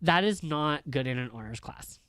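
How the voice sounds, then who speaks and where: A man's voice: a little high, animated, normal speed, sharp tone, clear, resonant tone, no room sound, clean studio sound. Blunt, profane man teacher ranting. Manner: candid, blunt and profane, filler-heavy. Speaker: high school teacher. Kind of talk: casual ranting chat.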